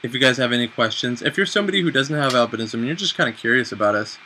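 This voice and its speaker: A young man in his twenties talks through casual advice with a bright, forward tone and a lively, joking delivery. He laughs at himself easily and keeps things loose and conversational, with a faint hiss under the recording. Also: medium pitch, very fast, rough recording. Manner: chatty, animated, self-mocking. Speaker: vlogger.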